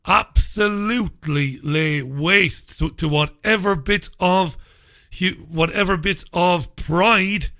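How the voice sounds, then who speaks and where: A man's voice: fairly high pitch, pushed and bright. Sarcastic, brash male radio host. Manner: sardonic, sarcastic; blunt, swears freely. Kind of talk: talk radio monologue, reading listener messages.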